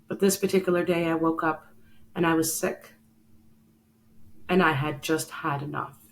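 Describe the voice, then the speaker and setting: A woman's voice: deep voice, fairly even intonation, moderate pace, poor audio. A woman hosting a show, telling a personal story in an earnest, emotional way and speaking straight to the listener. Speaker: podcast host.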